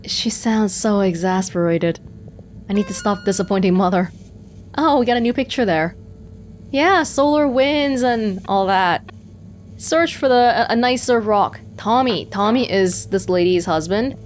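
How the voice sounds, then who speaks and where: A woman's voice: medium pitch, unhurried, slight background noise. A woman giving casual, amused commentary while playing a game. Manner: chatty, amused asides. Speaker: let's play gamer.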